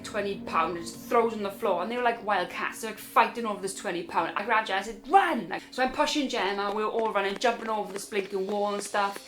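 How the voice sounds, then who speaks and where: A young woman, telling a personal story in a casual, animated way and acting out other people's lines. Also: medium pitch. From Wales. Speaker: storyteller vlogger.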